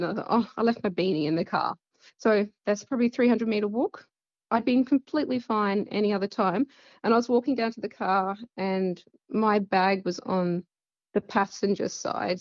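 A woman from central west Queensland, Australia, speaks as a guest with an Australian accent, telling a personal story in a casual, rambling way full of fillers. Her voice is medium-pitched with a darkish tone. The recording is muffled, with no room sound.

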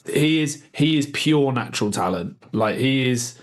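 A man's voice: medium pitch, animated, unhurried. A man co-hosting a football podcast in loose, casual chat. He rambles from point to point, laughs easily and swears without a second thought. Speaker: podcast co-host.

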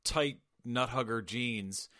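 A man's voice: medium pitch, slow, sharp tone, no room sound, clean studio sound. A man co-hosting a casual movie recap, swearing freely and laughing as he mocks the film. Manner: profane, laughing asides, mocking the film. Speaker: podcast co-host.

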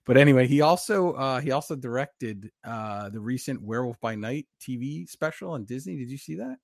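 A man co-hosting a casual podcast chat, talking quickly with fillers and easy laughs. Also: medium pitch, expressive, vocal fry, dry recording, clean studio sound. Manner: chatty, talks fast with laughs and fillers. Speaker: podcast co-host.

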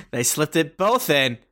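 Podcast co-host, male, lightly higher register, brisk offhand review reader. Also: sing-song, fairly bright tone. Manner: quick, offhand reading with small asides. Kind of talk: casual chat, reading listener reviews aloud.

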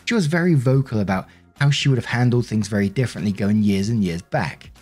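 Brief: low, husky male story narrator, faint music bed. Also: fairly quick. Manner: steady first-person reading. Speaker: narrator of online stories. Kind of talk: reading a story aloud.

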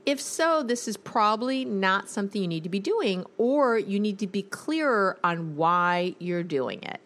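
A woman's voice: mid-range voice, lively intonation, a little slow, fairly bright tone. A middle-aged woman therapist hosting an advice podcast, talking in a casual, conversational way and acting out her clients' words when she quotes them. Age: middle-aged or older.

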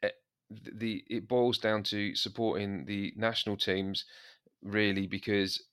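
A man's voice: lowish voice, level tone, unhurried, fairly bright tone, smooth, no room sound, clean studio sound. A middle-aged man from England co-hosting a podcast in casual chat, rambling and restarting his sentences, laughing easily. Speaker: podcast co-host.

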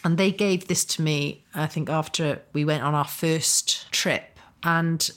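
A woman's voice: deep voice, steady tone, a little slow, fairly bright tone. A woman in her fifties, a guest author, chatting casually and self-deprecatingly in an interview. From Wales. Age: 50s.

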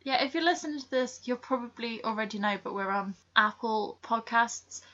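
A young woman, co-hosting a casual book podcast in a quick, frank way. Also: on the high side, a bit bright. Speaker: podcast co-host. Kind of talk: casual book club chat. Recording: dull lo-fi sound.

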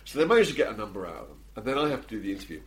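A man's voice: fairly low pitch, big pitch swings, very fast. A man who broadcasts for a living tells a comic anecdote on a chat show. He laughs often and acts out the lines of the people in his story.

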